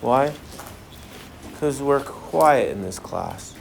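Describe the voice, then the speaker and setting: A man leads a science lesson with a demonstration, throwing many questions at the class and joking as he goes. His medium-pitched voice is animated yet extremely slow, with vocal fry and a slight hiss or hum in the audio.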